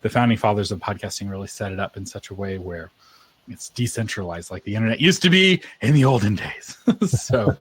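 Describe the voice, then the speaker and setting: A man's voice: fairly low pitch, animated, brisk, slightly rough. A man co-hosting a live podcast episode, chatting casually and laughing often. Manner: chatty, laughs often, eats ice cream on air. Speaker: podcast co-host.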